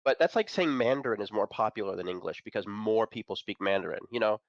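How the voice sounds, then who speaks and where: Fast and with few pauses, a man in a lowish voice chats casually on a talk show as a guest. He manages an entertainment and tech site's editorial side and comes across enthusiastic and opinionated, chuckling between points, on a dry, lo-fi recording.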